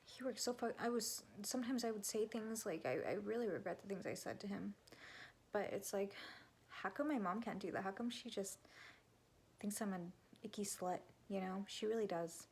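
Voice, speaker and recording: Young woman, gravelly, raw confessional vlog, blunt and sweary, slips into whispers. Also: medium pitch, normal speed, darkish tone, a little hiss or hum. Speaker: vlogger and spiritual coach. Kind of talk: candid confessional talk to camera.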